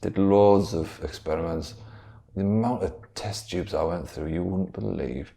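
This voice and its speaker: A lonely, earnest scientist, played by a man, talking fondly and reassuringly in a low, gravelly voice. An improvised comedy podcast scene, kept close to the performer's own voice. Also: measured pace, dark tone.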